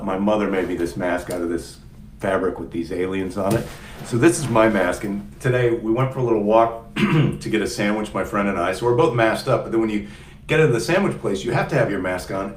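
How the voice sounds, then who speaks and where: Guy rambling and joking to his viewers, kinda low voice, sounds off-mic in a roomy space. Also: recorded from a distance, slight background noise. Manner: rambling, jokey, self-interrupting. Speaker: comedian doing a daily live stream. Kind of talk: casual rambling chat to viewers.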